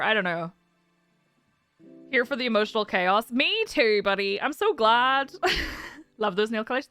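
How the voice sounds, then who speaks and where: A woman talks casually to her live-stream chat, close to tears and laughing often. Her voice sits high and sounds bright and forceful. Soft music plays faintly behind her. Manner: emotional, laughs often, reads chat aloud. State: teary, close to crying.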